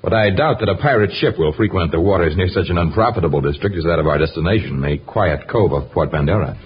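Tarzan, deep and steady. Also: male voice, soft background music. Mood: calm. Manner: measured, formal speech. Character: Tarzan, powerful jungle hero, calm and firm. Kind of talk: 1930s radio drama acting. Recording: dull old radio recording, faint hiss.

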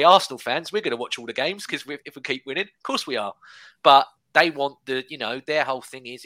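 A man in his thirties in a casual football podcast chat, lively and explaining his views. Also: mid-range voice, dry recording. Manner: lively, explanatory, laughs while talking.

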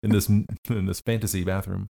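Man, tabletop player, casual, hesitant, fairly low voice. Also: flat delivery, normal speed, gravelly, warm tone. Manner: musing and hesitant.

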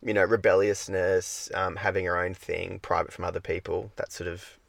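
Male podcast co-host, gravelly voice, loose rambling delivery full of fillers. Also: deep voice, flat delivery, moderate pace, dry recording. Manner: rambling, with many fillers and hedges. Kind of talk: casual chat about films.

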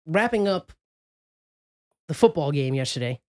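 A man's voice: a little high, expressive, measured pace, no echo, clean studio sound. A young man hosting a podcast in loose, rambling casual chat. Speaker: podcast host.

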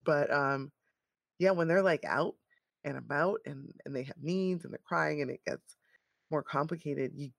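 Gravelly, laughing mother telling stories. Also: sits low, moderate pace, dry recording, studio quality. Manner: animated storyteller, laughs often. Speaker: podcast co-host. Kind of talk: casual chat.

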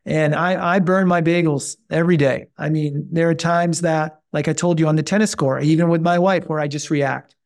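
A man talking as a podcast guest, emphatic and animated, often repeating himself, and his voice jumps up when he tells a story. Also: on the high side, moderate pace, hardly any pauses. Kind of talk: conversational interview.

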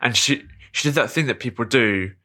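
A man's voice: mid-range voice, brisk, pushed and bright. A man co-hosting a podcast in casual chat, making wry, joking asides. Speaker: podcast co-host.

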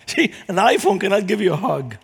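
A middle-aged man from Lebanon, preaching in a lively storytelling manner as a guest speaker. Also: high-pitched, normal speed, vocal fry, slightly rough. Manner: animated, acts out quoted voices in anecdotes. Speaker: guest speaker, Christian minister. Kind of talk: storytelling sermon.

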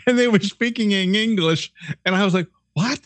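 High-voiced stammering profane man. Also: moderate pace, dry recording. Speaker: co-host. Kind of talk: casual podcast banter.

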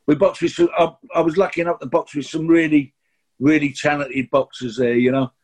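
Husky London man telling stories. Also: a little high, little pitch movement, fairly quick, a little mellow. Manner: rambling, chatty, full of restarts and asides. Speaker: guest actor. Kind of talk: anecdotal interview storytelling.

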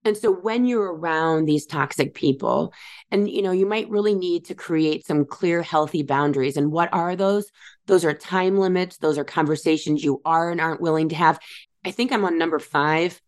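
A woman's voice: sits low, normal speed. A woman hosting a series, talking candidly and casually about boundaries and healing in a reflective monologue. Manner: candid, conversational, swears casually. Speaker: podcast host. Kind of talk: reflective self-help monologue.

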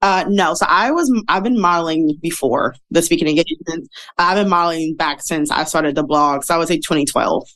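A woman's voice: low voice, brisk, fairly bright tone. A woman in her thirties, a guest telling her story in a candid, chatty, self-deprecating way that is full of fillers and laughs. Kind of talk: casual interview storytelling.

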